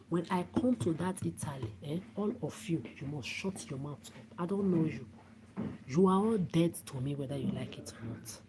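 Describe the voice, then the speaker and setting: A woman rants angrily on a livestream, swearing and repeating herself. Her voice sits low. A steady background noise is clearly heard under her. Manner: profane, repetitive, confrontational. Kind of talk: angry livestream rant.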